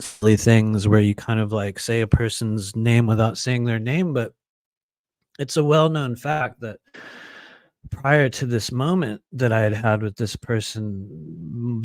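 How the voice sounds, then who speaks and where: An animated man telling a story in a casual, rambling monologue, stopping and restarting often and acting out other people's lines. His voice sits at an ordinary middle pitch. The sound is dry and close, with almost no room echo. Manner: animated, acts out quoted voices, laughs often; frequent fillers and restarts. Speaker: podcast host.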